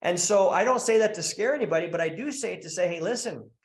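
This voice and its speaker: A man's voice: sits high, quick pace, reverberant. Blunt, profane man with a raised voice. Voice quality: profane, blunt, animated storytelling. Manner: acts out quoted voices mid-sentence. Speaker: guest, founder of a coaching program for married men. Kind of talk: podcast interview.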